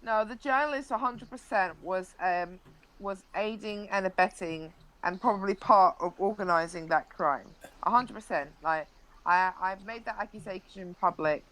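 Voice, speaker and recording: A woman's voice: mid-range voice, moderate pace, a bit bright, rough recording. A young woman, a live-stream interview guest, animatedly recounting an incident with frequent restarts.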